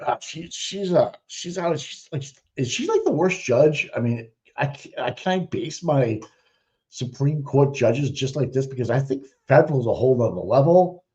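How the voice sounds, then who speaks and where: Male livestream host, rambling and crude, mellow voice, dull lo-fi sound. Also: medium pitch, lively intonation, moderate pace. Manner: blunt, rambling, swears often. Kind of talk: casual profane livestream commentary. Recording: dull lo-fi audio.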